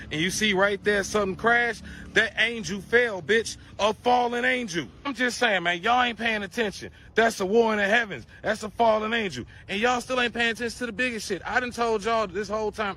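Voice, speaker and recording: A man's voice: sits high, pushed and bright. A man delivering a profane conspiracy rant to camera, preachy and crude, firing off rhetorical questions.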